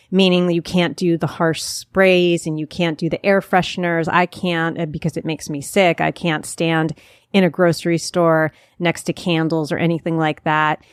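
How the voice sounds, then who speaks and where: A woman's voice: on the low side, clean tone, no room sound. Woman host, Jersey accent, middle-aged, rambling friendly podcast chatter on a dead-dry mic. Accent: New Jersey. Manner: chatty, self-deprecating, rambling asides. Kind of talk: chatty local podcast talk.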